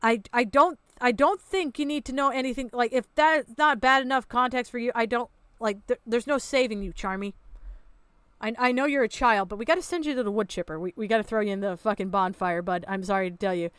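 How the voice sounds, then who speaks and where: A woman's voice: fairly high pitch, a little fast, fairly bright tone, clear, resonant tone, dry recording. A woman hosting a reaction commentary, ranting in a sarcastic, exasperated way and swearing freely. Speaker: commentary channel host.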